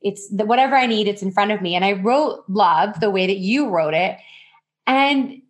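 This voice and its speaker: A woman's voice: medium pitch, moderate pace. A woman hosting a podcast interview, chatting enthusiastically with frequent laughs. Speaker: podcast host. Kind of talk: casual interview chat.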